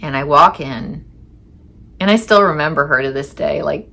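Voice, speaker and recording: Low-voiced woman telling a candid story. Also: gravelly, bright, forceful tone. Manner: candid and profane, with halting restarts and quoted asides. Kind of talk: casual personal storytelling.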